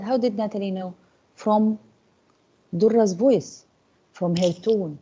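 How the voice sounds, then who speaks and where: A woman teaches an English class in a medium-pitched, dark, breathy voice with vocal fry, speaking a little slowly with long pauses. She often checks in with students by asking "Okay?", captured in a dull lo-fi classroom recording.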